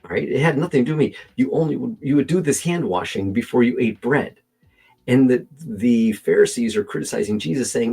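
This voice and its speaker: Gravelly man arguing in a casual reaction commentary. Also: mid-range voice, fairly quick, faint music behind. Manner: animated, argumentative, talks to himself while editing. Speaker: commentator responding to a video.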